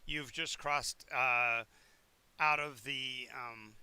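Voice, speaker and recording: Bright, clear-voiced man running a tabletop game. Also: mid-range voice, steady tone, no room sound. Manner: halting, with many restarts and fillers while checking the map. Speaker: game master. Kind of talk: narrating a tabletop game over a live stream.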